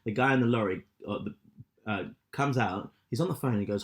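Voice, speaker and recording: A man in his thirties co-hosting a podcast, telling stories with lots of swearing and loud acted-out quotes. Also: lowish voice, fairly quick. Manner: animated storyteller, swears a lot, acts out quotes loudly. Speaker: podcast co-host. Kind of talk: casual chat.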